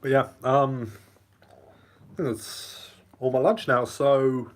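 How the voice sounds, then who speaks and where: A channel host runs a casual live Q&A, reading chat aloud and rambling between bites of the lunch he's eating. He speaks slowly, with a medium pitch and steady tone.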